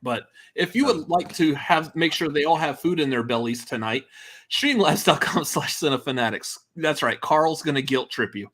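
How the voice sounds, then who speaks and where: A man with a drawl, hosting a live movie-ranking stream in a loose, chatty way. His voice sits a little high, full of uhs and easy asides to the chat. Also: normal speed, a bit bright. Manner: drawling, says y'all, many uh fillers, laughs easily.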